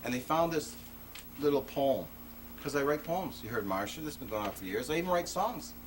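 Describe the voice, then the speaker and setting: A man's voice: medium pitch, lively intonation, a little fast. A man giving an impassioned public talk, telling his own story in an emphatic, conversational way with sudden rises in his voice. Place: presentation venue before an audience. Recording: distant mic with faint noise, 1980s video.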